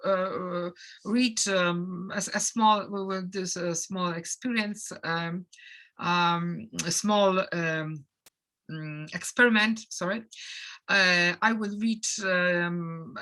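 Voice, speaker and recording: A woman from Poland with a Polish accent, giving an academic lecture in English as a non-native speaker, pausing often with fillers and restarts. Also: on the low side, sharp tone. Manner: hesitant, many fillers and restarts. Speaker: conference lecturer.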